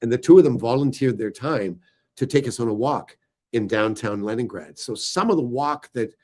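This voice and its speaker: A middle-aged man chatting casually about his book, telling stories in a lively way with filler words. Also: medium pitch, moderate pace. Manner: animated storyteller, voices quoted people loudly. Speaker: author discussing his book. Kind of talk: casual storytelling chat.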